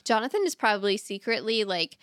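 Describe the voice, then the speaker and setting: A woman co-hosts a podcast in casual chat, playful and quick to laugh. Her mid-range voice is expressive and fairly bright, recorded dry with clean studio sound.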